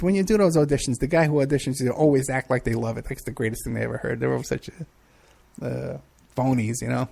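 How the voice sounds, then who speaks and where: Working through viewer questions on a casual livestream, this middle-aged talk show host rambles and hesitates often in a chatty way. His medium-pitched voice is warm with vocal fry, steady and brisk.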